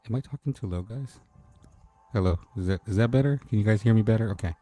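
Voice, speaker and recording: A man hosts a casual late-night livestream from home and chats easily with his viewers, calling out their names. His voice sits a little low and sounds mellow and relaxed. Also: fast, dry recording, faint music behind. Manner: laid-back, chatty, greets viewers by name. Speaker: livestream host.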